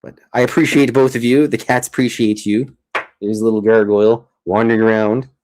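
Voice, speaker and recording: Guy streaming from his home art studio, lowish voice, rambly, keeps cutting himself off. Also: level tone, brisk, darkish tone. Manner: rambling, self-interrupting, chatty. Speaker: streamer host. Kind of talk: casual livestream chat while drawing.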